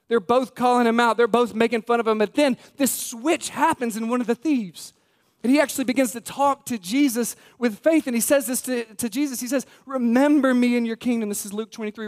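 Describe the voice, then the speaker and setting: A man preaching a sermon as pastor, earnest and emphatic, repeating key words and speaking straight to the congregation. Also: very high-pitched. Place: church sanctuary.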